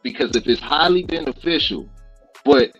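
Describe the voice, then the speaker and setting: A man's voice: fairly high pitch, lively intonation, moderate pace, slightly rough, highs cut off, soft background music. A man hosting a casual livestream interview, asking careful questions and checking that he has understood correctly.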